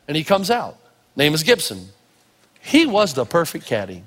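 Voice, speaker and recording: High-voiced pastor guy from tennessee, super animated, preaching, hall echo all around him. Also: moderate pace. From Tennessee, United States. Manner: animated storytelling, acting out voices. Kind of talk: sermon. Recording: reverberant hall.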